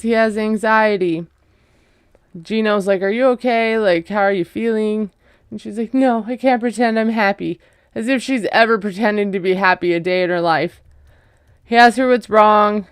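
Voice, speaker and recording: A woman's voice: mid-range voice, smooth, no room sound, studio quality. A woman in her thirties, a mother, chattily recapping a reality show with sarcastic asides and lots of fillers. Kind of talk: casual recap commentary.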